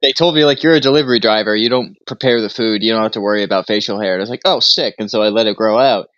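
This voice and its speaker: A man's voice: fairly low pitch, very fast, a bit bright, dry recording, lo-fi sound. A young man co-hosting a casual chat, rambling through a story, laughing often and acting out what others said. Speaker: podcast co-host.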